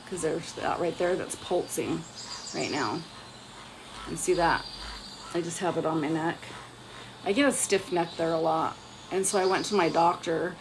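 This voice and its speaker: A woman's voice: lowish voice, noisy background. A woman chatting casually on a live stream at home, rambling and joking at her own expense while she shows off products into her phone. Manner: chatty, rambling, self-mocking. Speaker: vlogger.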